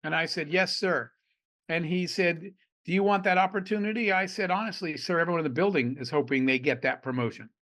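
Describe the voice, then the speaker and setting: A middle-aged man from Arizona, an entrepreneur guest on a podcast, telling animated stories and acting out the dialogue. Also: a little high, brisk. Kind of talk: storytelling in a podcast interview.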